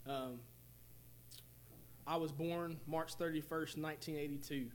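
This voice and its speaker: A man in his forties giving a personal testimony in church, speaking haltingly with many fillers and restarts. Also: fairly high pitch, steady tone, slight background noise. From Tennessee, USA. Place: church sanctuary.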